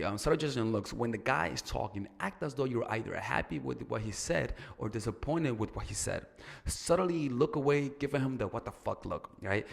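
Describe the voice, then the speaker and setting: Gravelly man coaching in a reverberant hall. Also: mid-range voice. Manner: loose, rambling, crude, with many fillers and restarts. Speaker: dating coach. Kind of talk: casual coaching monologue.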